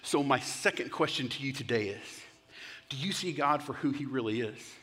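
A man's voice: medium pitch, moderate pace, fairly bright tone, big-room sound, a little hiss or hum. A man preaching a sermon as a worship pastor, conversational and full of rhetorical questions. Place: church sanctuary.

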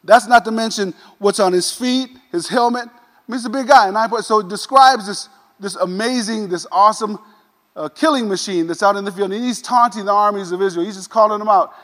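A man preaching a sermon, retelling a scripture story in a casual, animated way with modern asides. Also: high-pitched, fairly quick, big-room sound. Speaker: pastor.

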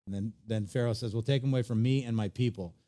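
A man preaching a sermon, animated and conversational, often acting out quoted voices. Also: fairly low pitch, fast talker. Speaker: pastor.

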